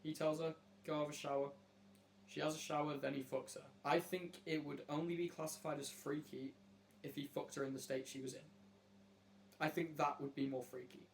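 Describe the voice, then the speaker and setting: A brash man with a slightly high voice talks in a casual, mock-serious way, weighing strangers' stories like a judge. A faint hum runs underneath the recording. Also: little pitch movement, brisk, vocal fry. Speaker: host asking strangers on a video chat app. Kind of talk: casual joking commentary.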